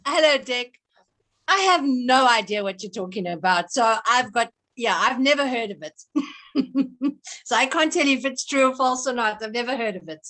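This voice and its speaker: High bright woman from South Africa. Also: expressive, moderate pace. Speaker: quiz participant. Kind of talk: casual chat. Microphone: video call.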